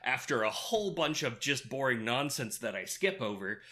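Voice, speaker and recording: A man co-hosting a podcast, giving a sarcastic, deadpan recap of a movie plot with lots of filler. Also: mid-range voice, normal speed. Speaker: podcast co-host.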